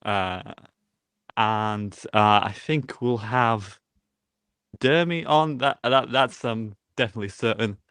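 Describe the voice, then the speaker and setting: A man from the United Kingdom co-hosting a podcast, soft-spoken and low-key in casual chat. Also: slow, clean tone, no echo, clean studio sound.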